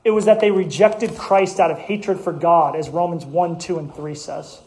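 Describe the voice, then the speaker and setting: A man with a high voice delivers an earnest sermon from the pulpit. He talks conversationally, often restarting mid-sentence as he reasons through scripture. The room around him rings with echo. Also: fairly even intonation, moderate pace, a little mellow. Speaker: pastor.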